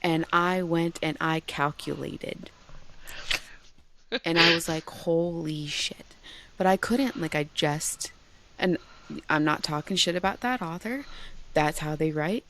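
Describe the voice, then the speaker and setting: Woman in her 40s telling stories on a podcast, lots of swearing and acting out what people said, lowish voice, faint noise behind her. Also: a little slow, pauses often. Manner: animated storyteller, swears, acts out quoted dialogue. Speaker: bookstore founder, guest. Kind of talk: casual podcast chat.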